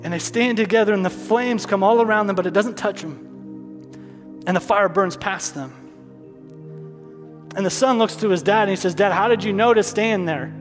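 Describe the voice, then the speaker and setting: High-voiced pastor preaching in a hall. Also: male voice, moderate pace, long pauses. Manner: call-and-response preaching, repeats lines for emphasis. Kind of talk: sermon. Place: church hall. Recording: long hall reverb, soft music behind.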